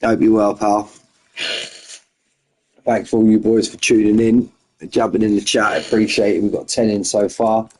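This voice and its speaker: A man's voice: lowish voice, flat delivery, normal speed, pauses often, darkish tone, slight background noise. Chatty man hosting a race stream. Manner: chatty, matey, greets viewers one by one. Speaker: race league host. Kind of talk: casual streamed chat.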